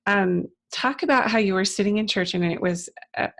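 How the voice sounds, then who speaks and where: Female podcast host with vocal fry, upbeat, chatty and keen to draw out a story. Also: medium pitch, normal speed. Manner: warm, enthusiastic, laughing often. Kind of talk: casual interview chat.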